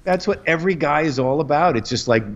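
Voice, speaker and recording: A middle-aged man, a comedian guest, telling a long rambling story on a podcast, animated and full of restarts. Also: a little high, quick pace. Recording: dull lo-fi podcast audio.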